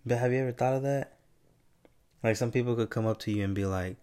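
A man's voice: mid-range voice, quick pace, long pauses, dark tone, clean tone. A man co-hosting a casual podcast who teases his partner and asks lots of questions. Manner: teasing, asks a lot of questions. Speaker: podcast co-host. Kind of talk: casual chat.

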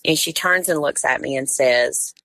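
A woman's voice: extremely low pitch, moderate pace, pushed and bright, no echo. A woman tournament director, a guest on a podcast, telling a story in casual conversation and acting out what others said.

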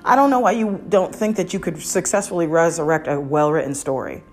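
Deep-voiced woman podcaster, rambling opinions, soft music in back. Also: fairly quick. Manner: chatty, opinionated, many restarts and asides. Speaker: podcast host. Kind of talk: casual review chat.

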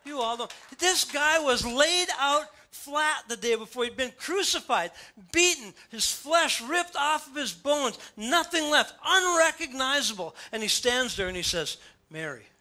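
A man preaching a sermon in a church, reading scripture aloud and explaining it in an animated, storytelling way. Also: very high-pitched, a little slow, hardly any pauses. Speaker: pastor. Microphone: church sound system.

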